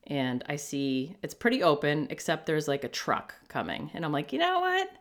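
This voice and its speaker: A middle-aged woman with a low voice tells a personal story on her podcast. She talks casually and with animation, acting out what people said and laughing as she goes. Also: moderate pace. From New England. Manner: animated, jumps into quoted voices, laughs often. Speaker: podcast host.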